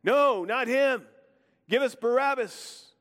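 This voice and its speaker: A man reading scripture aloud and voicing an angry crowd of priests and officials with loud, high shouted demands. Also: animated, normal speed, in a large hall.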